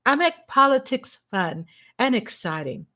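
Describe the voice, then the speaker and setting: A woman hosting a casual livestream from home, chatty and excitable, breaking into shouts and laughter. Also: on the high side, measured pace. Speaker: livestream host.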